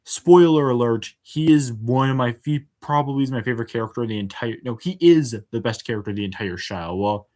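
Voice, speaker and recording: A man's voice: medium pitch, brisk, hardly any pauses, a little mellow. A man hosting a casual spoken review, hesitant, with many filler words and restarts, and frank and exasperated in tone. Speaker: show reviewer.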